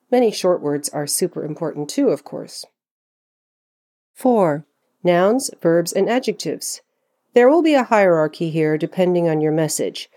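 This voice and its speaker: A woman giving a scripted pronunciation lesson, slowing down to model words clearly. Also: lowish voice, warm tone. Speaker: pronunciation teacher. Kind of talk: scripted instructional narration.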